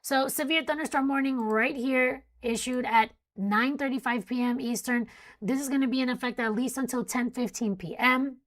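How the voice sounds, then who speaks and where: A woman's voice: high voice, moderate pace. Chatty woman hosting a weather livestream. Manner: chatty, reads warnings then jokes with chat. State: sleepy, yawning. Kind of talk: casual live weather coverage.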